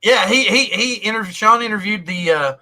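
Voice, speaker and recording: A man's voice: high voice, normal speed, bright, forceful tone. A man hosting a casual panel chat over a video call, rambling and laughing often. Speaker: host.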